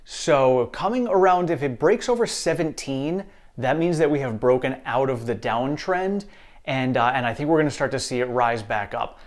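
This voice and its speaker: Male investing host, mid pitch, casual and upbeat, reassures viewers directly. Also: expressive, normal speed. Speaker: stock market channel host.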